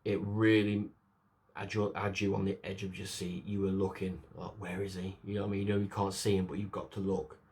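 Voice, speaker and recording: A man's voice: low voice, level tone, a little fast, a little mellow. A man giving a casual spoken film review, rambling with fillers and restarts and acting out characters' lines as he retells the plot. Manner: rambling, lots of fillers and restarts, acts out quotes.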